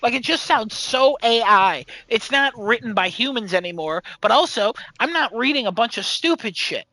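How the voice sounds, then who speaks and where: A man co-hosting a casual chat show, talking in a profane, animated rant. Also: very high-pitched, moderate pace, no echo. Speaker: podcast co-host.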